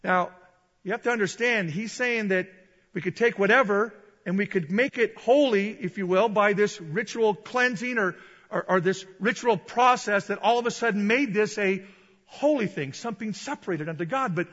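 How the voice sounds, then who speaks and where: Animated preacher in a reverberant hall. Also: male voice, high-pitched, normal speed, muffled recording. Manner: animated, acts out voices with loud shouted peaks. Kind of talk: sermon.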